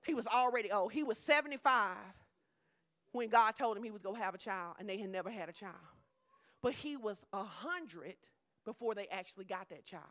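A middle-aged woman preacher giving a lively, conversational sermon with humor. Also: mid-range voice, fairly quick.

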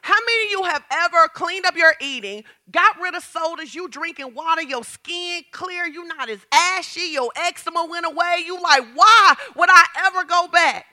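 A woman pastor preaching a lively sermon, asking the congregation questions and building to shouts. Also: extremely high pitch, normal speed, hardly any pauses. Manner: talks straight to the congregation with questions.

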